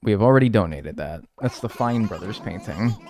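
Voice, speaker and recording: A man's voice: on the low side, lively intonation, a little fast, darkish tone. A man in his twenties chatting casually and profanely with his viewers while playing a game, rambling and trailing off into mumbles. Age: 20s. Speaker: streamer. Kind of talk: casual chat while gaming and reading chat.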